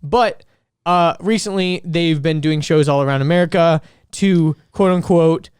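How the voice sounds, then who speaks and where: A man's voice: on the high side, measured pace, a little mellow, smooth, dry recording, studio quality. A young man co-hosting a casual podcast, rambling and telling stories with lots of filler words. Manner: rambling, many "like" fillers, laughs while storytelling. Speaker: podcast co-host.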